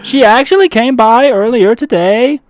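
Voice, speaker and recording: Woman doing a gas station clerk man, put-on speech impediment, deadpan, dry close mic. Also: fairly high pitch, normal speed, no room sound, pitched above the performer's own voice, close to an everyday voice. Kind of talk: improvised comedy role-play.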